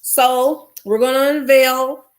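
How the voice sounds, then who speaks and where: A woman's voice: sits high, fairly even intonation, slow pace. A woman hosting a casual livestream, talking to her viewers in an effusive way and repeating her exclamations. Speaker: livestream host.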